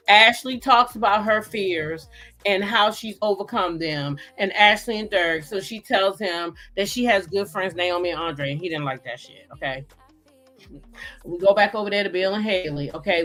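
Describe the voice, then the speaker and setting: A woman's voice: fairly low pitch, normal speed, soft background music. Sassy woman recapping a soap. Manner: sassy, animated storytelling with acted quotes. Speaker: soap opera recap host. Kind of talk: casual chat recap.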